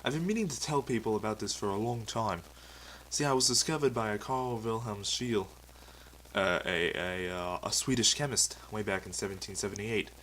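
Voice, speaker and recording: A man's voice: on the low side, moderate pace, a bit bright, a little hiss or hum, close to an everyday voice, low-quality recording. A man voicing a touchy, boastful metal superhero man with a British accent and a pompous, easily offended manner. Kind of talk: comedy sketch acting.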